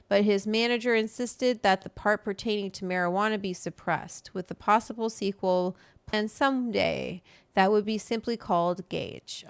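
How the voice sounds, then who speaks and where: A woman hosts a relaxed, chatty talk and reads quotes aloud in an easy way. Her voice has a gravelly, fried edge at a middle pitch. The sound is close and dry, with no room echo. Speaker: host. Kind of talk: casual chat.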